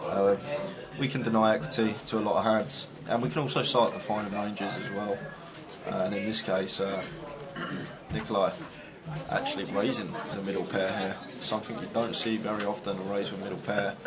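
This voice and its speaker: Low-voiced male poker commentator. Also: normal speed, crowd noise. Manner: relaxed, analytical play-by-play.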